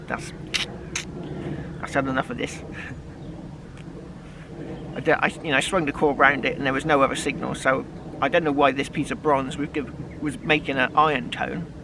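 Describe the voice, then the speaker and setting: A man's voice: mid-range voice, background noise. A man with a West Country accent talking casually outdoors as a metal detecting vlogger, rambling with many restarts. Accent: West Country English. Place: outdoors in a field, then a pub.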